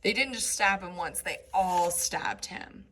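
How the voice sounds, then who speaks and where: A woman's voice: lowish voice, measured pace, sharp tone, slight background noise, poor audio. A woman teaching a class, reading lines of verse and explaining them in casual asides full of "right?" and "um". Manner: reads verse aloud between plain explanations. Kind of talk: classroom lecture on a play.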